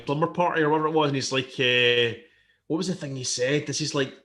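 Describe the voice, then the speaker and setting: A Scottish man with a bright, forceful voice pitched a little high, chatting on a livestream over a home mic. He is animated and sweary and breaks into silly voices to act out lines. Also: fast talker. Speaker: podcast host. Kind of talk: casual livestream chat.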